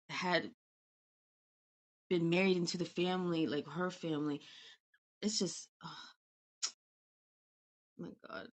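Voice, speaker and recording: A woman who hosts a podcast, reading a storybook tale aloud and then chatting about it in a gushing, chatty way with frequent laughter. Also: on the low side. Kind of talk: storybook reading and casual chat.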